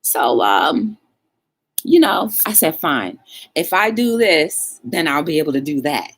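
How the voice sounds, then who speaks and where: A woman hosts a live-streamed talk show and tells a personal story to her viewers. Her pitch swings widely as she acts out what each person said. She talks to the audience directly and calls them y'all. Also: unhurried, husky. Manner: animated storytelling, acts out both sides of dialogue.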